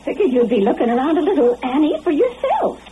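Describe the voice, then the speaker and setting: An actress playing a gossipy older country aunt with folksy, ungrammatical talk, in an old radio drama. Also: female voice, high-pitched, sing-song, fast talker, warm tone, dull audio. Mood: nosy. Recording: thin old radio recording, faint hiss.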